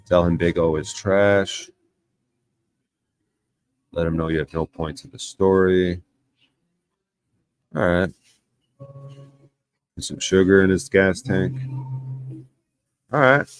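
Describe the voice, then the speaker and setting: A man's voice: low voice, takes it slowly, pauses often, clean tone. A man hosting a livestream, reading the chat aloud and arguing insistently, with plenty of swearing. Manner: argumentative, insistent, swears a lot. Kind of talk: casual profane livestream rant.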